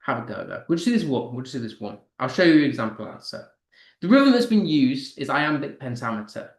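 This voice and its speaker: In an online poetry lesson, a male English teacher answers student comments, reading them aloud, and taps out rhythms by stressing syllables slowly. His voice sits a little high and sounds roomy.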